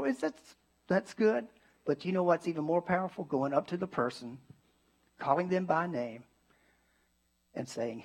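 A man pastor delivering a sermon, swinging from emphatic declarations to hushed, tender asides. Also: high-pitched.

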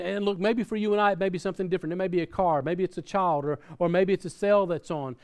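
A man's voice: sits high, a little mellow. Earnest man preaching a sermon. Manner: earnest, repeats words and restarts, reads scripture aloud. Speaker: pastor. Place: church in Australia.

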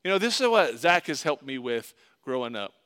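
A man preaching a sermon in a conversational way, repeating phrases, slowing and dropping to a hush on key lines before rising again. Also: mid-range voice, big pitch swings, clean tone. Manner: slows down and drops to a hush on key phrases, then rises loud. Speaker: pastor.

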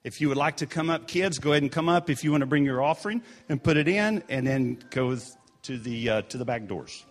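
A man's voice: medium pitch, lively intonation, brisk, slight background noise. A man giving casual church announcements during a service in a sanctuary, earnest and encouraging with chatty asides.

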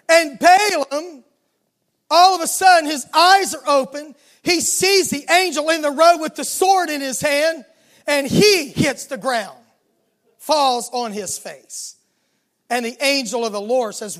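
A man preaching a sermon, retelling a scripture story in lively, casual words and acting out the dialogue. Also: very high-pitched, unhurried. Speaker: pastor.

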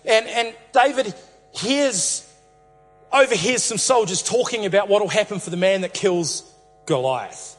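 A man's voice: high voice, animated, measured pace, big-room sound, soft background music. A man preaching a sermon as a pastor, telling a Bible story playfully and returning to the same catchphrases again and again.

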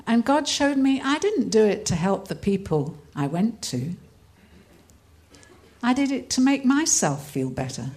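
A woman's voice: a little high, big pitch swings, unhurried, a little mellow. An older woman from England telling her testimony at a conference, earnest and often laughing as she speaks. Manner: earnest storytelling, breaks into laughter. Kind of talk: testimony talk.

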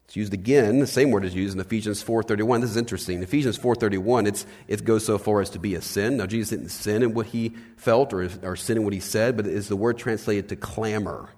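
A man preaching a sermon as pastor, animated, swinging between loud bursts and hushed lines and asking his listeners questions. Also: fairly low pitch, a little fast, few pauses. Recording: long hall reverb.

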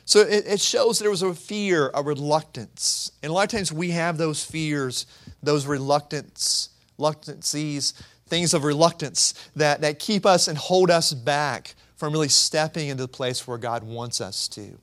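A man's voice: fairly high pitch, measured pace, fairly bright tone. Conversational man preaching a sermon. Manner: conversational, repeats words while searching. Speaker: pastor.

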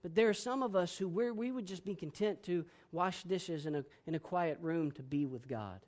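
A man preaching a sermon as pastor, boisterous and emphatic, swinging between loud declarations and hushed, soft passages. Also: high voice, normal speed.

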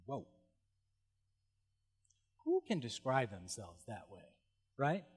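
A middle-aged man preaching a sermon, animated and humorous, often exclaiming in wonder. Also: mid-range voice, slow, husky. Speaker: pastor. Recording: long reverb of a large hall.

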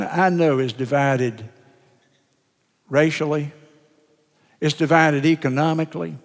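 An older man, a pastor of many years, preaching a sermon in an earnest, deliberate way, drawing out words for emphasis. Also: mid-range voice. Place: church sanctuary. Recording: sermon in a reverberant church sanctuary.

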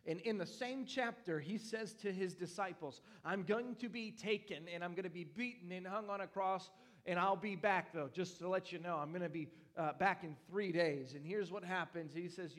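A young man preaches a lively sermon in a church. His voice sits a bit above the usual pitch, and he moves from loud bursts to softer asides with a playful touch. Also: normal speed. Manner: animated, playful preaching with lively swings in loudness. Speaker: pastor.

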